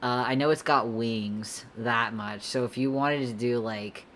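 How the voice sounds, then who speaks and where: Young woman artist streamer, very deep voice, slow easy delivery, giggly and rambling. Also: a little hiss or hum. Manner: laid-back, rambling, giggly, slangy. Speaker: artist streamer answering chat. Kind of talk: casual livestream chat while drawing.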